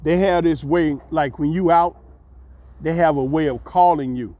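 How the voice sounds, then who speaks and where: A man telling a long personal story as a vlogger, animated and acting out the voices of the people in it. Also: on the high side, normal speed. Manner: animated, acts out voices, laughs mid-story. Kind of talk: storytelling monologue. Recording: dull lo-fi recording.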